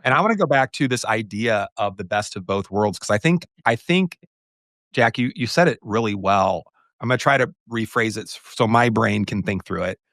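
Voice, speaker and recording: A man's voice: on the low side, dry recording. A man co-hosting a podcast in casual conversation, telling a story with energy and acting out the quoted exchanges. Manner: animated storyteller who acts out quoted exchanges. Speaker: podcast co-host.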